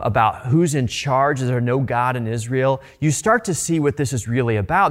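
A middle-aged man preaching a sermon as a pastor, conversational and emphatic, often repeating his phrases for weight. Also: mid-range voice.

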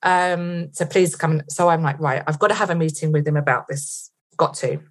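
Woman telling a vivid story, low voice. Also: normal speed. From England. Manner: vivid retelling with quoted inner thoughts. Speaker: podcast guest. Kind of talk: storytelling in a podcast interview.

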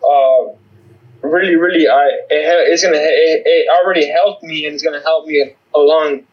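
A man speaking as an interview guest, giving a halting personal testimony full of fillers, heard over a remote call. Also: fairly high pitch, fairly even intonation, dull audio. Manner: halting, many fillers and restarts.

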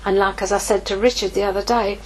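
Husky woman preaching a sermon. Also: medium pitch, fast talker, rough recording. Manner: lively, swings from hushed asides to exclaiming. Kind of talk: sermon teaching.

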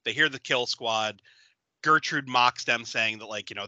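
A man co-hosting a film podcast tells the story of a movie with animated, swearing enthusiasm and frequent laughter. His voice is very bright and sits at an average pitch. The sound is dry and close to the mic. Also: normal speed, no echo. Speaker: podcast co-host. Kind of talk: casual movie recap chat.

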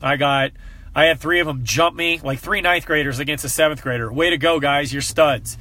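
A man's voice: a little high, moderate pace, bright, forceful tone. A man who works as a coach, giving a heartfelt personal talk to a group, earnest and emotional, fighting back tears.

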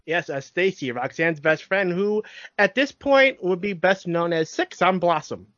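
Calm co-host, dry, dull sound. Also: mid-range voice, unhurried, dry recording. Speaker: podcast co-host. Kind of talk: casual chat about a cartoon film.

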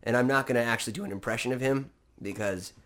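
A man's voice: medium pitch, fast, a bit bright. A man co-hosting a casual chat, crude and joking, rambling through stories. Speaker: podcast co-host.

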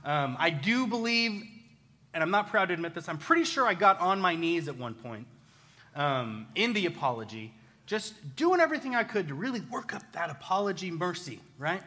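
Bright-voiced man telling a self-deprecating story. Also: high voice, moderate pace. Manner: self-deprecating, chatty, animated. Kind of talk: casual personal storytelling.

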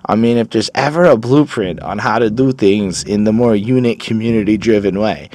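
A low-pitched man from Montreal talks through an album review in a loose, casual way. He rambles, swears freely and leans hard on "like" fillers. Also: normal speed, darkish tone, faint music behind. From Montreal, Canada. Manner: rambling, profane, lots of "like" fillers.

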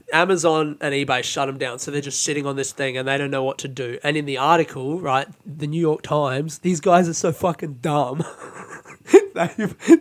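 A young man hosting a podcast, telling a story in a casual, profane, animated way and laughing as he goes. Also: a little high. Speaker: podcast host. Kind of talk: casual monologue.

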